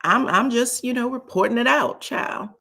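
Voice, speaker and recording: A woman hosting a casual commentary show. She talks in a sassy, animated way, often says "child", chuckles, and uses "um". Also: fairly high pitch, normal speed, creaky. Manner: frequent chuckles and filler "um". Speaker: host of a reality TV commentary channel.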